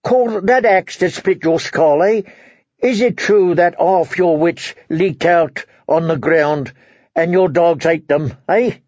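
A man's voice: a little high, takes it slowly, darkish tone, no room sound, lo-fi sound, voice pushed up. A man reading an audiobook, voicing a gloomy, dour man of the watch who ends his remarks with "eh?". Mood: glum, teasing. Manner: mournful, ends lines with "eh?".

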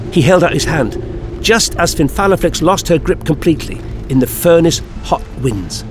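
A man narrating an adventure story in an expressive storytelling manner. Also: on the high side. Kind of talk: audiobook fan-fiction reading.

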